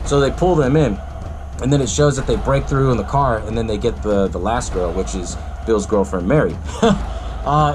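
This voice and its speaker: A man hosting a podcast, casually retelling a movie in a rambling, profane way and laughing often. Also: mid-range voice. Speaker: podcast host.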